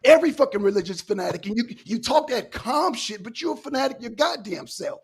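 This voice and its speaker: A man's voice: very high-pitched, very animated, fairly quick, a little hiss or hum. A man hosting a panel debate, profane and angry, talking over his guest. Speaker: show host.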